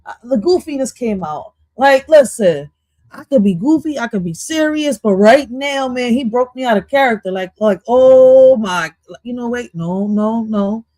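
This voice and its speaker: A woman hosting a live stream, giving loud, profane reaction commentary and laughing often. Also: a little high, expressive, measured pace, no room sound. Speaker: streamer host.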